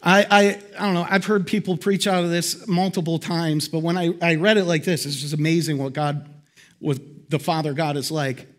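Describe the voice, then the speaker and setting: A pastor preaching a sermon to his congregation in a lively, conversational way. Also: moderate pace. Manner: animated, conversational preaching with big swings in pitch. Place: church hall before a congregation.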